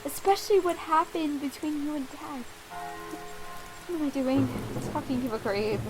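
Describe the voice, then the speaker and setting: A young woman hosting a let's play, reading a visual novel aloud with expressive reactions. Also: sits high, over music. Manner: expressive, quick to blurt reactions.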